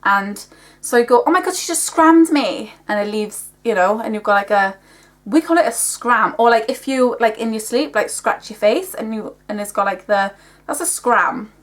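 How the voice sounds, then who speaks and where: A woman's voice: mid-range voice, moderate pace, fairly bright tone. Chatty young Welsh woman vlogger. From Wales. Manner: chatty, rambling, heavy use of "like", laughs often. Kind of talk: casual chat.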